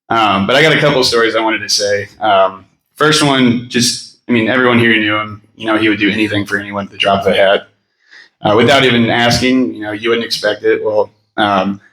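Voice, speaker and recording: A man's voice: on the low side, bright, forceful tone, echoey room, low-quality recording. A man in his thirties giving a rambling, story-filled memorial speech with fillers and laughter. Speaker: eulogy speaker. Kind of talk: memorial speech with personal stories. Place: memorial gathering in a room.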